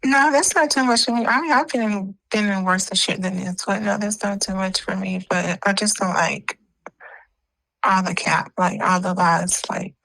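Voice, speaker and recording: A woman's voice: medium pitch, normal speed, vocal fry, a bit bright, low-quality recording. A woman answering interview questions in a hesitant, casual way, full of fillers. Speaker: interview guest. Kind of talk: casual chat.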